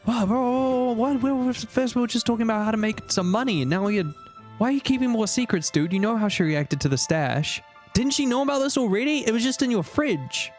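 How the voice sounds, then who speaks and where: A woman streamer giving crude, excitable commentary while playing a game. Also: on the high side, fairly quick, faint music behind.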